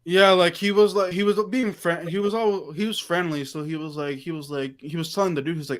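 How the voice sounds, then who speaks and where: A high-pitched man in casual livestream chat. He tells stories with animation, acting out what everyone said in reported dialogue. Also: fairly quick, few pauses. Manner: animated storyteller, quoting himself and others in reported dialogue. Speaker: livestream host.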